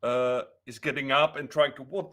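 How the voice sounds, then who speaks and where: A man playing a tabletop game, relaxed and thinking out loud. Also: mid-range voice, moderate pace. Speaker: player. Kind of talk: casual tabletop play.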